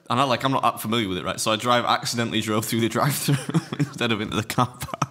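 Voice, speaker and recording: A man's voice: mid-range voice, expressive, fast talker, hardly any pauses, fairly bright tone, breathy edge. A man with a Leeds accent, telling stories in a laid-back, self-deprecating way as a podcast co-host. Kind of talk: casual podcast chat.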